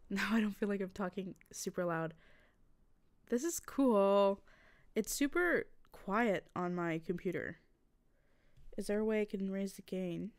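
A young woman vlogging casually at home, chatty and self-amused as she sets up and tests a new microphone. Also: medium pitch. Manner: chatty, self-amused, talks to her mic setup. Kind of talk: casual vlog chat. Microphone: new condenser microphone.

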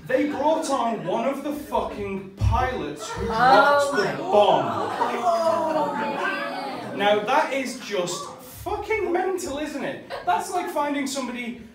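A man's voice: extremely high pitch, sing-song, slow, music in the background. A man doing a stand-up comedy set in a small club, sweary and conversational as he banters with the crowd, recorded from a distance. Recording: distant, echoey live venue recording with heavy noise. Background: audience laughter.

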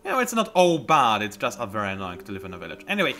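A man's voice: mid-range voice, huge pitch swings, very fast, bright, forceful tone, faint music behind. A man, chatting casually and rambling off topic while commenting on a game he plays at home. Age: 20s. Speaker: let's play host. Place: home room.

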